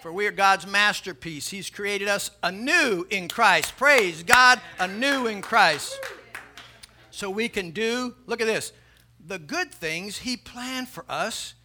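High, bright-voiced preacher. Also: male voice, slow, a little hiss or hum. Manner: emphatic, builds in volume, tells jokes. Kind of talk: sermon.

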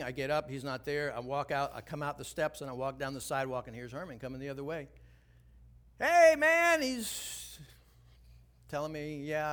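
A man preaching a sermon, telling a personal story with animated shifts between hushed, tense passages and rising emphasis. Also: smooth. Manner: animated storytelling, drops low and quiet for tense moments, then rises and preaches. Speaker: pastor.

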